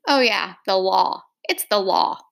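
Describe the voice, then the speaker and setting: A woman's voice: mid-range voice, animated, a little slow, creaky, fairly bright tone, full character voice. A woman reading aloud, voicing a young male bartender who is a college student and teases a regular in a dry way. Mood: teasing.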